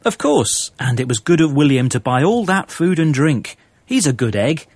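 Man, scripted lesson presenter, expressive, clear explainer, chuckling, dry studio sound. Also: on the high side, normal speed, no room sound.

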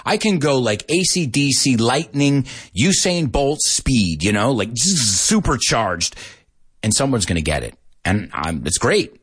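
A husky-voiced English teacher runs an energetic live-stream lesson, his pitch swinging up and down as he jokes with students. He spells words letter by letter, mixes in Spanish translations, and sounds a bit out of breath from talking fast.

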